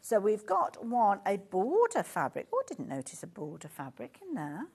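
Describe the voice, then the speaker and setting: A woman's voice: medium pitch, huge pitch swings, normal speed, darkish tone, husky. A woman with a Birmingham accent presenting fabric on a live shopping show, chatty and gushing and easily sidetracked, speaking from a studio. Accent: Birmingham English.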